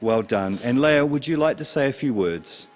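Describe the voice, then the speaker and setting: Man, upbeat awards host, playful announcer, mid-pitched voice with a long echo tail. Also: lively intonation, normal speed. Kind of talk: hosting an awards ceremony.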